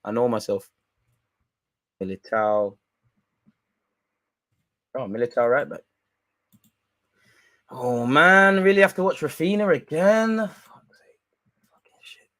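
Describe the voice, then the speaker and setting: Young guy yelling banter over a footy match, dry close mic, mid voice. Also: mid-range voice, takes it slowly, pauses often, no echo. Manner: excitable, banter-heavy, swears. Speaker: football watch-along streamer. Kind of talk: live match reaction commentary.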